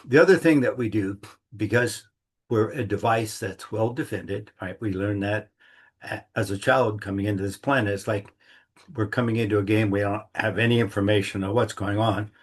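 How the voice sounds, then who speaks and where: A man's voice: lowish voice, normal speed, husky. A middle-aged man giving a casual, rambling monthly talk, acting out little inner dialogues in a folksy way. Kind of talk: casual reflective monologue.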